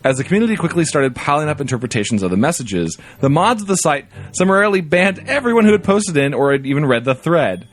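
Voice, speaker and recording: A man co-hosting a casual podcast, reading a listener email aloud with playful, animated storytelling. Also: on the high side, fast talker, hardly any pauses. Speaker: podcast co-host.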